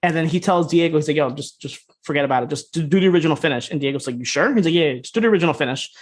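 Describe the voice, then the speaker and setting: A man co-hosting a podcast, casually retelling scenes in a loose, fast way, slipping into quick quoted voices and laughing. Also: on the high side. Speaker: podcast co-host. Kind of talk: casual recap chat.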